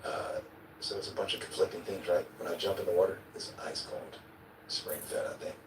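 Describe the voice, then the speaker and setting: Man, low voice, animated storyteller, echoey distant sound, noisy replayed clip. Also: fairly quick. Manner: vivid storyteller, acts out his own quotes, swears and chuckles. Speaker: interview guest. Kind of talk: casual storytelling in an interview.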